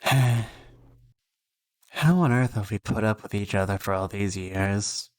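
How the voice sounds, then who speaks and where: A man's voice: on the low side, fairly even intonation, measured pace, smooth, no echo. A man streaming a game playthrough, reading its dialogue with dry, sarcastic commentary.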